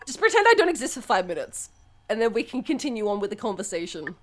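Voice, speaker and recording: A young adult woman streaming live, chatting openly and swearing freely. Her pitch swings widely, and she often breaks into loud, high laughter between thoughts. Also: very animated, fairly quick, a little hiss or hum. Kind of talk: casual live-stream chat.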